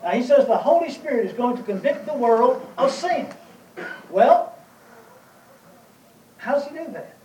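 A man preaching a verse-by-verse Bible lesson, pausing often with fillers and asking himself questions. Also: very high-pitched, expressive, dark tone, highs cut off. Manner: plain teaching with many pauses and fillers; rhetorical questions answered himself. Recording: echoey room, voice from a distance, faint noise.

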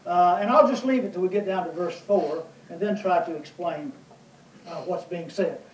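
A man preaching a verse-by-verse Bible lesson, pausing often with fillers and asking himself questions. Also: sits high. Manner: plain teaching with many pauses and fillers; rhetorical questions answered himself. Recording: echoey room, voice from a distance, faint noise.

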